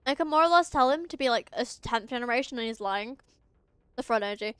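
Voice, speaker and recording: A woman's voice: a little high, lively intonation, quick pace, a bit bright, smooth, dry recording. Young woman streaming a game, chatty and giggly, keeps tripping over words, dry close mic. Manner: giggly, chatty, often talks to chat, trips over words. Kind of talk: casual live-stream game commentary.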